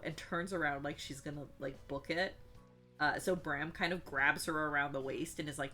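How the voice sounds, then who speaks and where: A woman's voice: sits low, steady tone, a little slow, fairly bright tone, soft background music. A woman casually recapping a tabletop role-playing session, rambling with many fillers and asides. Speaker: player recapping a tabletop game.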